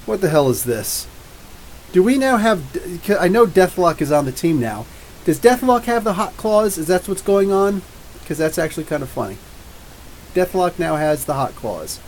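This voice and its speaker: A man in his forties from New Jersey, hosting a live comics podcast and answering viewer comments in a rambling, jokey way, with drawn-out R's. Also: a little high, slight background noise, low-quality recording. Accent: New Jersey with drawn-out Ohio-style R's. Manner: rambling, jokey, talks back to chat. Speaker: podcast host.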